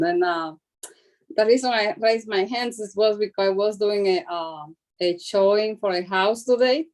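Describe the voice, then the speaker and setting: A woman calling in to a show, a real estate agent telling a story in a chatty way and laughing often. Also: mid-range voice. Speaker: caller. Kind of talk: casual storytelling on a call-in show.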